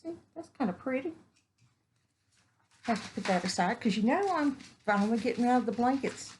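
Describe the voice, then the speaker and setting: A woman with a somewhat high, lively voice, a darkish tone and a moderate pace, with a little hiss or hum in the audio. She's a vlogger from Texas, chatting casually at home in the evening while unboxing crafts, gushing and exclaiming over each find.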